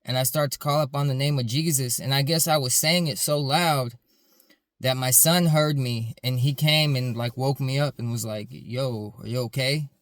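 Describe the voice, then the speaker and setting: A man's voice: medium pitch, moderate pace, fairly bright tone, no room sound, studio quality. Earnest man rambling through a story. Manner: earnest, rambling with many "like" fillers. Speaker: security supervisor telling his dreams. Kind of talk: casual storytelling to camera.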